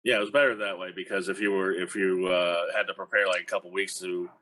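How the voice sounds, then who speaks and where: Lower, bright-toned male podcast host. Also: steady tone. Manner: joking, chatty, quick asides. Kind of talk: casual interview.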